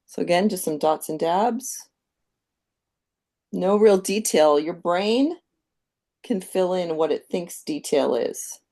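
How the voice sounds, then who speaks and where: Woman, painting instructor, creaky voice, calm step-by-step explaining, live demo. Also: fairly low pitch, slow, long pauses.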